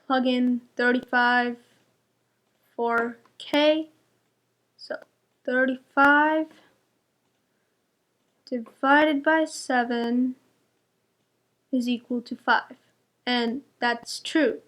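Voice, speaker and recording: High-voiced, slow-paced woman teaching algebra. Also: fairly even intonation, fairly bright tone. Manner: patient, walks through each step and checks answers. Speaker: math tutor. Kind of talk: explaining step by step to young students.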